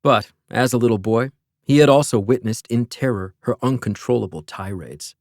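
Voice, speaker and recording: A man reading an audiobook as narrator, in a measured storytelling manner. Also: mid-range voice, darkish tone, no room sound, clean studio sound. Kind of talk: scripted narration.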